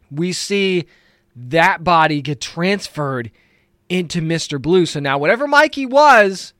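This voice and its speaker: Man reviewing a TV episode, enthusiastic and rambling, slightly raised pitch, dry recording. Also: a bit bright, no echo. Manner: enthusiastic, rambling, lots of fillers. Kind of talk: casual recap and review.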